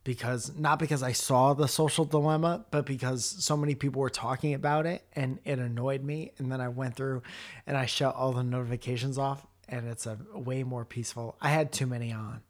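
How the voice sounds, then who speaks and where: A laid-back man co-hosting a podcast in easy conversation. He talks loosely and offhand, tosses in jokes and the odd swear word, and sits at a middling pitch. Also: steady tone, a little fast. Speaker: podcast co-host. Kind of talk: casual chat.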